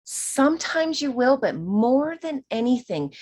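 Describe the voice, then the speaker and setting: A woman teaching a spiritual course in a chatty, expressive way, acting out quoted voices and sometimes dropping to a whisper. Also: a little high, slow pace, hardly any pauses, slightly rough.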